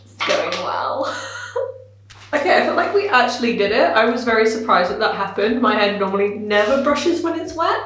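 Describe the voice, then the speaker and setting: A woman's voice: fairly high pitch, lively intonation, moderate pace, background noise. A young woman reviewing a hair product in a casual home vlog. She talks in a chatty, self-dramatizing way, with lots of filler words. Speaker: beauty vlogger. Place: bathroom at home. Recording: very echoey bathroom.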